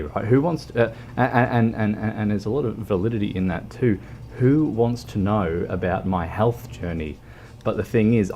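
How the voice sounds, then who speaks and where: An Australian man chatting casually with viewers while streaming a game, halting and full of ums and restarts. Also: low voice, darkish tone, a little hiss or hum. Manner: hesitant, many ums and restarts. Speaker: livestreamer. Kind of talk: casual chat while gaming.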